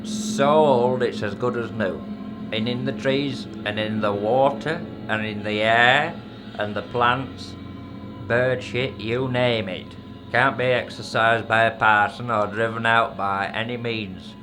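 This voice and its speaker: A man's voice: medium pitch, fairly even intonation, slow pace, lightly acted. An actor playing a blunt older local man, warning of a woodland monster in a folk horror audio drama. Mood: ominous. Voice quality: blunt, grumbling, dialect-heavy. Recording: music bed behind.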